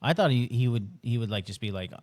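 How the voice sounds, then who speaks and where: A man co-hosting a podcast in casual chat, laid-back and halting, with frequent restarts. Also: medium pitch, expressive, darkish tone. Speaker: podcast co-host.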